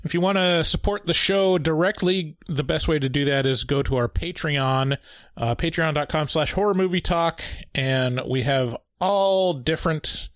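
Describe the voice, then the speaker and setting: An easygoing man co-hosting a podcast, his voice sitting a little high and sounding dry and close with no room around it. He reads show notices and sponsor plugs in a relaxed, casual manner. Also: normal speed, no room sound. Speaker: podcast co-host. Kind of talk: casual chat and show announcements.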